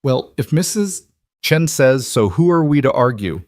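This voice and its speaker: A man voicing a gentle, wry father, speaking in a soft, measured way. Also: medium pitch, expressive, no echo, clean studio sound, pitched above the performer's own voice, natural voice. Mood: tender.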